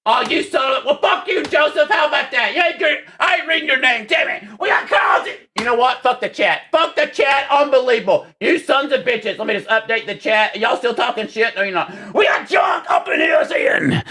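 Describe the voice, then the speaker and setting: A man hosting a livestream, reading chat aloud with profane, exasperated banter and sudden shouting, tired from lack of sleep. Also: very high voice, brisk, few pauses, a faint crowd. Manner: bursts into shouting. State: short on sleep.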